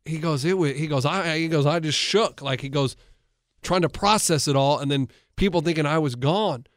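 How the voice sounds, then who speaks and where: A man's voice: a little high, normal speed, no room sound, clean studio sound. A man, a coach and co-host, in casual sports talk, telling stories eagerly with many restarts. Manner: animated storyteller, retells others' words with many restarts.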